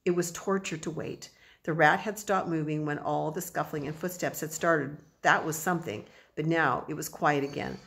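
A woman narrating a children's audiobook in a measured, expressive storytelling manner. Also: deep voice, vocal fry.

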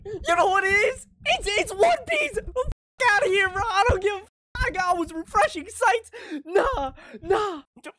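A young man reacting live to an anime episode, excitable and swearing often, the show's music playing behind him. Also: extremely high pitch, moderate pace, a little hiss or hum.

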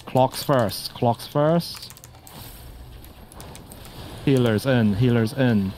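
A man in casual voice chat during a game raid, calling out mechanics in quick repeated bursts and swearing now and then. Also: medium pitch, a little mellow, a little hiss or hum.

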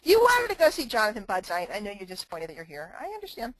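A woman's voice: medium pitch, wildly swooping pitch, fast talker, crowd noise, rough recording. A woman giving a motivational talk to a live online group, emphatic and repetitive, with chatty asides to her listeners. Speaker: motivational speaker and trainer.

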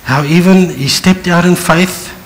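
A man's voice: high voice, measured pace, poor audio. A middle-aged man with a South African accent preaching a sermon, acting out the Bible scenes in different voices and switching between storytelling and direct address. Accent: South African English. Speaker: pastor.

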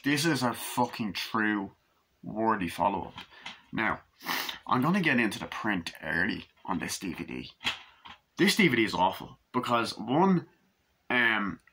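A man reviewing a film in a casual, excited way, swearing often and acting out quoted lines, with a husky voice. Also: lowish voice. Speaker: movie reviewer.

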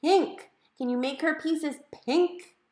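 Here is a patient, cheerful mother who teases gently , voiced by a woman reading a storybook. The tone stays light and even, and the room gives a slight echo. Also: fairly low pitch, moderate pace. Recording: roomy echo.

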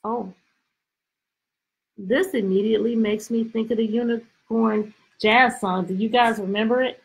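Slow, husky woman reading a story. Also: fairly high pitch, rough recording. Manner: lively, expressive, stretches words, asks questions. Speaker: teacher reading aloud to students. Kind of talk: storybook read-aloud lesson.

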